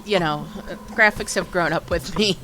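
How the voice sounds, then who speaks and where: A woman's voice: lowish voice, measured pace, bright, forceful tone, slight background noise, poor audio. A woman streamer giving casual live-stream commentary in a chatty, self-deprecating way, often trailing off into fillers.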